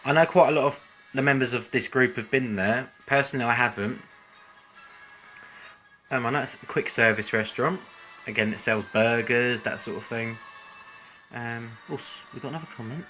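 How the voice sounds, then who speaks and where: A man's voice: mid-range voice, normal speed, long pauses, pushed and bright, soft background music. A man rambling chattily on a live stream, with frequent ums and restarts. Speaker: vlogger hosting a live stream.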